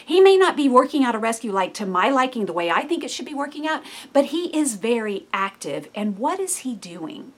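A woman's voice: on the high side, very animated, a little fast, few pauses. A woman giving a devotional Bible teaching in an earnest, conversational way.

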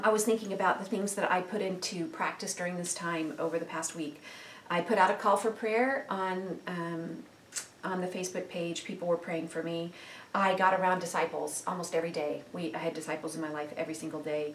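A woman's voice: lowish voice, far from the mic, a little hiss or hum. A woman speaking earnestly and reflectively about faith, with many fillers and restarts. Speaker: Christian speaker sharing reflections. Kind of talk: casual faith talk. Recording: echoey room, voice a bit off-mic.

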